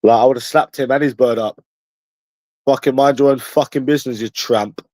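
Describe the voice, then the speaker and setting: A man's voice: medium pitch, steady tone, normal speed, a little mellow, dry recording. Combative London man ranting to chat. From London, England. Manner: confrontational, profane, repetitive. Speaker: streamer answering chat. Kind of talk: combative livestream rant.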